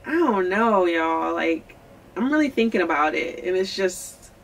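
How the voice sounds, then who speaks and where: A woman's voice: lowish voice, unhurried, vocal fry. Chatty woman vlogger from Philly. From Philadelphia, USA. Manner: chatty, candid, animated, quotes people in lively voices. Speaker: singer-songwriter vlogger. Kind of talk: casual storytelling to camera.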